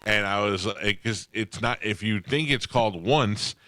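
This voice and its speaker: A man with a very low voice and a bright, forceful edge tells rambling stories on his radio show. He pokes fun at himself and laughs easily, and the sound is close and dry. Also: a little slow, dry recording. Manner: rambling storyteller, self-deprecating, laughs often. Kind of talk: casual studio chat. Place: radio studio.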